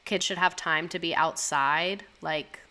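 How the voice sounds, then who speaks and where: Young woman, chatty, rambling asides, bright tone, lowish pitch. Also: steady tone, unhurried. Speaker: host reading submitted stories. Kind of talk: casual commentary on reader stories.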